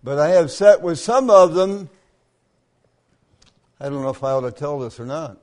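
An older man preaching a camp meeting sermon in a folksy storytelling manner, often clearing his throat. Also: on the high side, lively intonation, normal speed, a little mellow.

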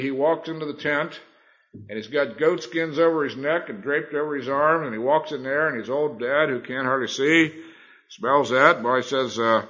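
A man's voice: mid-range voice, pushed and bright, dull audio. A middle-aged man, a Bible teacher, preaching a sermon in a folksy, colloquial storytelling manner.

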